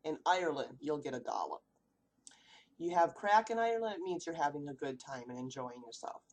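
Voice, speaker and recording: A woman's voice: low voice, fast talker, a little mellow. A woman from the United States giving a read-aloud class presentation, asking rhetorical questions as she goes. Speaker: student presenter.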